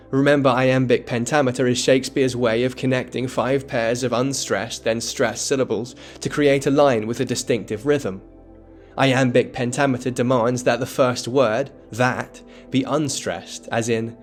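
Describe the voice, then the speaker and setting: A man giving scripted educational narration that explains a play, in a measured, dramatic storytelling tone. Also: medium pitch. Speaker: literature explainer.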